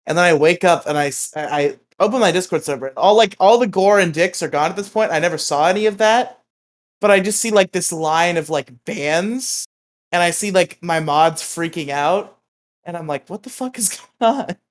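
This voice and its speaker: A man's voice: sits high, normal speed. Rambling, laughing male co-host. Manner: rambling, laughing storyteller, swears often. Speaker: podcast co-host. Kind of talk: casual podcast chat.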